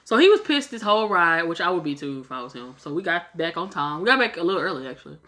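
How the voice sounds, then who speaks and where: A woman's voice: on the low side, fast talker. A young woman casually telling a travel story, swearing freely and acting out what people said. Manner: animated, swears freely, acts out quotes.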